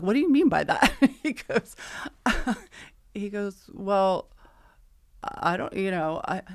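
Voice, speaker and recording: A woman's voice: on the low side, creaky, fairly bright tone. A middle-aged woman co-hosting a podcast, chatting casually and telling a story, acting out the dialogue with plenty of laughs. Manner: chatty, re-enacts texts and dialogue with frequent laughs. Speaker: podcast co-host.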